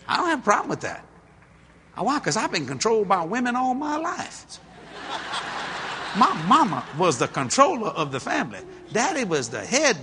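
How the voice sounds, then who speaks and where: Animated, folksy male preacher. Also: sits high, background noise. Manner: animated and folksy, laughing at his own stories. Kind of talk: storytelling sermon.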